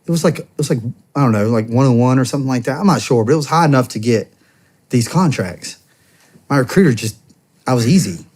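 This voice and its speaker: A man's voice: medium pitch, lively intonation, quick pace, a little mellow. Man telling a rambling army story. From United States. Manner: rambling, heavy on "I'm like" and quoted dialogue. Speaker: podcast guest, former soldier and police officer. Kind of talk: casual storytelling in a long-form interview.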